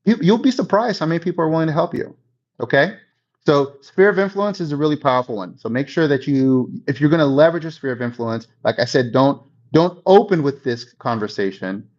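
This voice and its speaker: A man's voice: fairly high pitch, expressive, a little fast. A man giving a conversational real estate coaching talk, often checking in with his listeners. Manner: conversational, checks in with 'okay?' and 'right?'. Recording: dull lo-fi recording.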